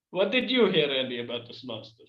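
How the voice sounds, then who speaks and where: A man hosting an improv comedy scene over a video call, playful and dramatic as he leads the others. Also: medium pitch. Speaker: improv host. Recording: echoey, dull video call audio.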